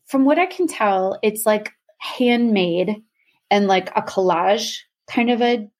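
A woman's voice: medium pitch, slow pace, a little mellow. Chatty woman explaining with many fillers. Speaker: podcast co-host presenting a topic. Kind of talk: casual conversational explainer.

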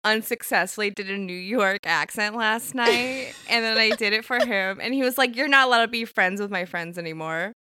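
A woman's voice: medium pitch, normal speed, few pauses, bright, forceful tone, smooth, no echo, clean studio sound. A woman co-hosting a podcast in casual chat, teasing and giggly. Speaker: podcast co-host.

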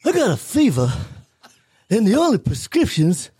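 A man playing an offbeat deadpan middle-aged man in a comedy sketch, with a breathy, halting delivery. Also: sits high, no room sound, heavily acted.

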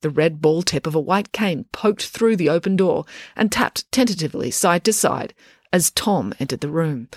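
A woman narrating a story aloud in an expressive storytelling manner. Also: low-pitched, moderate pace, no echo, studio quality. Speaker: audiobook narrator.

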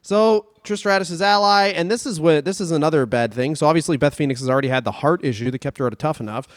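A man's voice: on the high side, fast, no room sound, studio quality. A man co-hosting a comedy podcast, chatting casually in a rambling, jokey way that trails off.

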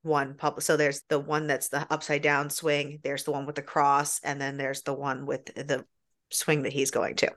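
A woman's voice: low voice, completely flat delivery, moderate pace, a bit bright. A woman co-hosting a casual book club podcast, jokingly chiming in with corrections. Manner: jokey, chimes in with corrections. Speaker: podcast co-host.

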